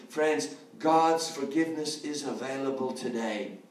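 A man's voice: fairly high pitch, unhurried, distant mic. A man preaching an evangelistic sermon, earnest and pleading, leading listeners in prayers he speaks aloud. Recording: roomy, from off-mic.

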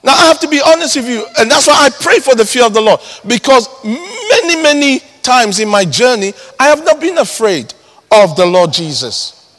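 A man preaching a sermon, emphatic, repeating key words and swinging between loud and hushed. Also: extremely high pitch, big pitch swings, normal speed. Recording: long hall reverb.

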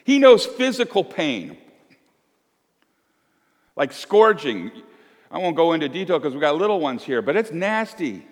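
A man's voice: a little high, sing-song, measured pace, pauses often, long reverb tail. A man in his fifties preaching as a pastor, folksy and emphatic, asking one question after another. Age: 50s. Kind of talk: sermon. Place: church.

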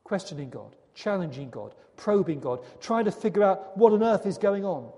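A man's voice: high voice, animated, normal speed, warm tone. A man preaching a sermon in an earnest, dramatic way, full of rhetorical questions. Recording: long hall reverb.

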